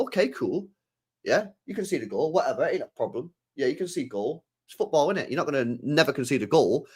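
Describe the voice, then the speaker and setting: A young man, chatting casually on a livestream, repeating phrases and ending lines with mate and bro. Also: fairly high pitch. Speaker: football channel host. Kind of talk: casual livestream chat reading super chats.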